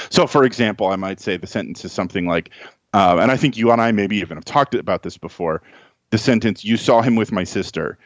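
A man's voice: on the low side, quick pace, dry recording, dull audio. A man as a guest tutor on a podcast, explaining study advice in a conversational way with many restarts.

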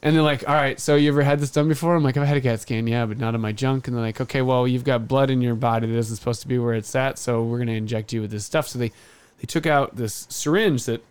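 A man in his thirties telling a long story on a casual podcast, acting out the other people's lines loudly. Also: medium pitch, fast, clean tone. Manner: animated storyteller, acts out quotes loudly. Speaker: podcast host.

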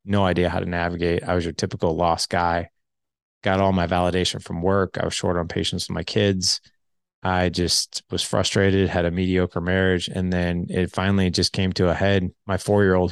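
A man's voice: low-pitched, flat delivery, moderate pace, smooth, no echo. A man in his forties candidly telling his life story in casual conversation, full of "like" fillers. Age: 40s. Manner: candid, heavy use of filler "like".

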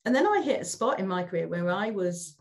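A woman's voice: medium pitch, animated, a little fast. A middle-aged woman speaking as an interview guest. She talks candidly and reflectively, often repeating words as she starts a thought.

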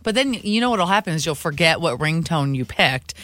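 A woman co-hosting a morning radio show, chatting along and teasing her co-host with quick questions. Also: low-pitched, animated, fairly bright tone, soft background music.

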